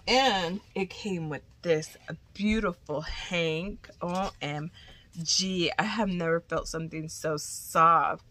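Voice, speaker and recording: A woman chatting casually to viewers, gushing and excited, often dropping to a whisper, a little congested from a cold. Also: on the low side, takes it slowly, slight background noise. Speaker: crochet vlogger. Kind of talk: casual unboxing chat to viewers.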